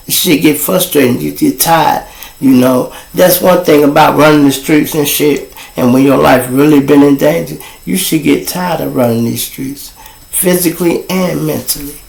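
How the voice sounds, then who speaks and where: A man, hosting his show and telling street stories in a casual, animated way. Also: a little high, moderate pace, creaky, echoey room, low-quality recording. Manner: animated, rising to excited shouts when telling a chase story. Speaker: host.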